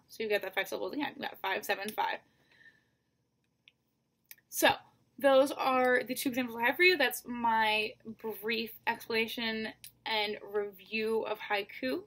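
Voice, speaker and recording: This female teacher's mid-range voice is steady and slightly bright, moving at a normal speed. She counts out syllables patiently, one by one, talking directly to her students in a recorded lesson.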